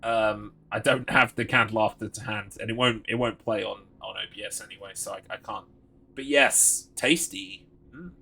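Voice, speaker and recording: Bright-voiced British man streaming a game. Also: fairly low pitch, fairly even intonation, moderate pace, creaky, slightly rough. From Britain. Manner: reads item text aloud, mocks and jokes with chat. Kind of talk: casual game commentary.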